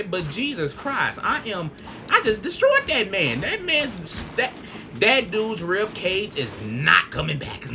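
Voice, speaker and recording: Hyped young man yelling over gameplay. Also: high-pitched, huge pitch swings, normal speed, noisy background. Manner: hyped, shouting trash talk at opponents; laughing, joking to himself. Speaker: gaming video creator. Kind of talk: live gameplay commentary. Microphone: desk mic with face cam. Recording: game sounds loud behind the voice.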